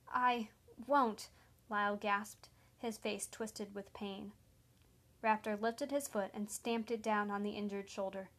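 A woman narrating a story in a steady, even manner. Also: mid-range voice.

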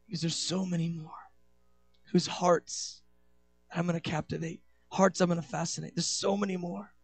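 A man preaching a sermon with passion, acting out quoted dialogue with big swings between soft and loud. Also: steady tone, moderate pace, vocal fry, dry recording, faint music behind. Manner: impassioned, acts out quoted dialogue with big swings in pitch and loudness.

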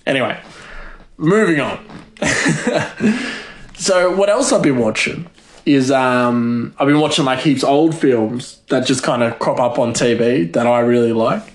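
Speaking unhurriedly in a mid-range voice, this male vlogger rambles through a casual chat with viewers. He giggles often and leans heavily on "like" as filler, all captured in an echoey room.

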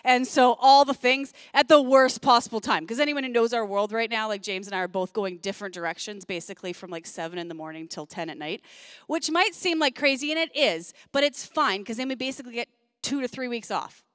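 A woman in her forties giving a sermon built around a personal story, chatty, often laughing and quick with asides. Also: a little high, fairly bright tone, clear, resonant tone, no room sound, studio quality. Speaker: pastor.

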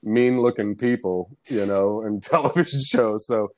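A man's voice: lowish voice, a little slow, a little mellow, dry recording, studio quality. A man telling casual stories as a podcast guest, rambling and swearing, laughing often. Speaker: guest, comedian and background actor. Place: lives in Florida.

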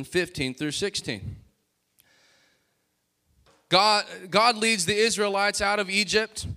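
A man preaching a sermon as pastor, calling out to the congregation and building to loud, emphatic bursts. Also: high-pitched, clean tone.

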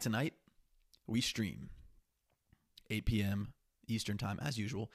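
Gravelly young man rambling on a podcast. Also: fairly low pitch, steady tone, brisk. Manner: rambling, profane, candid. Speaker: podcast host. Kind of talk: casual solo podcast monologue.

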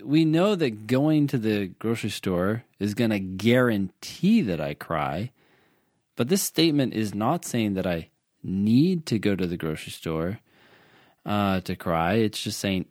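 A man's voice: on the low side, animated, a little slow, a little mellow, no room sound, clean studio sound. A man tutoring for the LSAT in a casual chat, patiently explaining logic with everyday examples and repeating key points.

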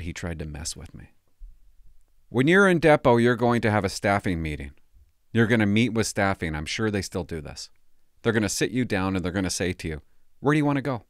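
A man spins a meandering personal story, cutting himself off, backtracking and chuckling as he goes. His voice sits fairly low but swings widely up and down. The sound is dry and close, with no room around it. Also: dry recording. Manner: rambling, self-interrupting, laughs at his own story. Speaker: former police cadet telling stories. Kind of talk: casual storytelling monologue.

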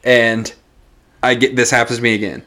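Man, casual co-host, swears a lot, tells stories with a laugh, mid pitch. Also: moderate pace. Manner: profane, animated storytelling with bursts of laughter. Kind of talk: casual storytelling chat.

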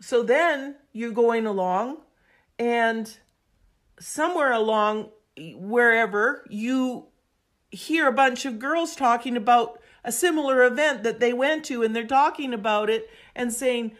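A woman guest on a podcast, telling an animated, emphatic story and acting out voices as she goes. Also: fairly high pitch, unhurried. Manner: acts out quoted voices, expressive and emphatic.

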